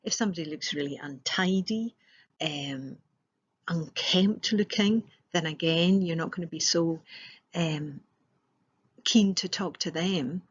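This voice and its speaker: A woman talks through a recorded training presentation in a husky, fairly low voice. She explains step by step and asks rhetorical questions. The sound is muffled and lo-fi. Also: slow.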